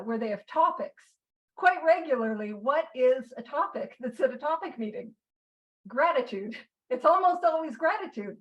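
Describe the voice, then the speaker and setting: A woman leading a group study, talking earnestly in a chatty way and often repeating her phrases. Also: fairly high pitch. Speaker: study leader. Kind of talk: casual teaching talk. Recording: distant, dull lo-fi mic.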